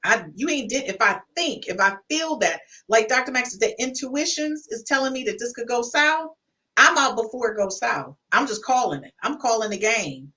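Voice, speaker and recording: A woman with hosts a podcast panel, emphatic and folksy as she lectures her audience. Her voice is bright and fairly high. She sits a little back from the mic, so she sounds distant. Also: lively intonation, moderate pace. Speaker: podcast host. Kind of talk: casual panel talk.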